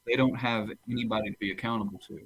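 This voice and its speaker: A man's voice: fairly low pitch, steady tone, racing, fairly bright tone, slight background noise, poor audio. A man, a pastor on a podcast, talking casually about theology and rambling into stories, often restarting his phrases.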